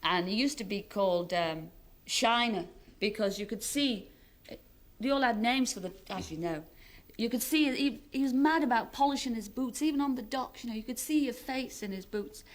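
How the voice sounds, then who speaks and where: She's a celebrity guest on a chat show, a woman in her thirties from Liverpool, England, with a Scouse accent, who chats freely, laughs a lot and teases herself. Her voice runs a little high at a moderate pace.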